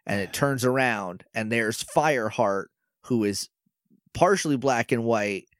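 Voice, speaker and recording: A man's voice: medium pitch, expressive, a little slow, dry recording, studio quality. A man co-hosting a podcast, casually recapping a show episode and acting out characters' lines with jokes. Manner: retells scenes by acting out lines, joking. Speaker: podcast co-host.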